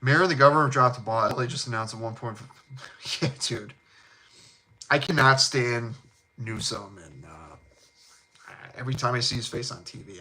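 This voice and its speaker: A man's voice: mid-range voice, normal speed, long pauses, bright, forceful tone, a little hiss or hum. A young man from Illinois hosting a casual fragrance chat, blunt and profane, rambling with lots of fillers. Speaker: fragrance channel host.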